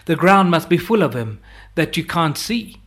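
A man's voice: fairly high pitch, sing-song, moderate pace, a bit bright, pitched above the performer's own voice. A man reading an audiobook voices a chatty soldier who tells trench yarns in folksy talk with dropped words. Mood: yarning.

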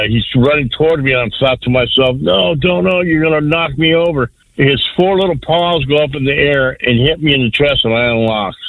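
A man's voice: medium pitch, a bit bright, poor audio. A man calling into a radio show, telling a rambling story with restarts and fillers. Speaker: caller.

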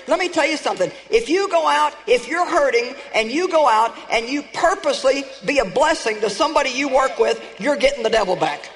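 A woman's voice: high-pitched, lively intonation, a little fast, hardly any pauses, music in the background. Emphatic woman preacher in a reverberant hall. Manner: emphatic, calls out to the congregation; storytelling, rising to shouts. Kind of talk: sermon.

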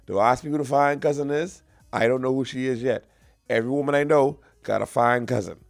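A young comic works the crowd in an animated, slangy stand-up bit. His voice sits at a middle pitch with a gravelly, fried texture. He tells his story with repeats and asides into a stage mic. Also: brisk, no room sound, clean studio sound, faint music behind. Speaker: stand-up comedian. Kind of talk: stand-up comedy routine.

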